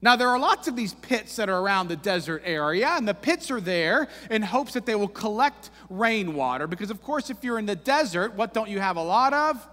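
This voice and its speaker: A man's voice: high-pitched, very animated, normal speed, hardly any pauses, bright, forceful tone. A man preaching a sermon in a church, telling the story conversationally with wry humor and frequent asides to the congregation. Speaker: pastor. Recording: long reverb of a large room.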